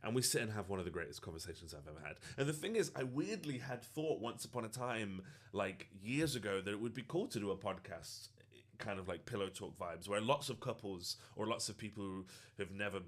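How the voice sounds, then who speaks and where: A TikTok creator tells a personal story in an earnest, reflective way, with frequent fillers. His voice is on the low side, animated, and a little fast.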